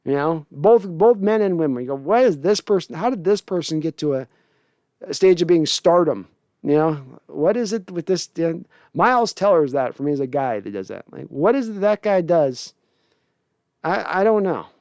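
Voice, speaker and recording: A man's voice: on the high side, animated, normal speed, darkish tone, no echo, clean studio sound. A man hosting a casual livestream, reading chat messages aloud, joking, swearing and laughing often. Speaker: podcast host reading live chat.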